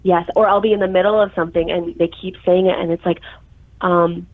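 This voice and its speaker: A woman chatting casually as a podcast guest, a stay-at-home mom who acts out her kids and herself with lively energy. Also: fairly low pitch, brisk, no room sound, highs cut off. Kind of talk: casual chat.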